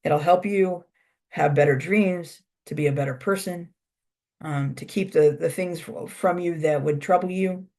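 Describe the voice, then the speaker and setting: A storyteller doing gentle, wise Spider Woman. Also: medium pitch, measured pace, natural voice. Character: wise, kind female spider spirit.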